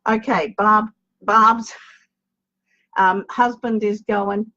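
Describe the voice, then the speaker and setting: A woman gives a live psychic reading in a low, chatty voice, calling her viewers darling and babe. She breaks off mid-thought to greet newcomers by name. The stream audio sounds dull and lo-fi. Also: unhurried. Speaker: psychic medium.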